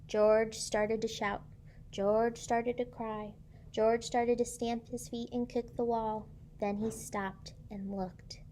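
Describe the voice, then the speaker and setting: A woman's voice: on the high side, flat delivery, takes it slowly, a little hiss or hum. A woman teacher reading a picture book aloud to children and stopping to ask them questions. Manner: asks children questions, gentle and encouraging.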